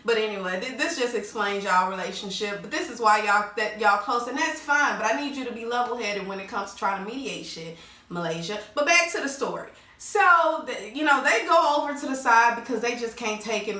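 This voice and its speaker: A woman recapping a reality show in a casual, slangy, animated way, acting out quotes in changing voices. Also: on the high side. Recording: roomy echo, distant mic.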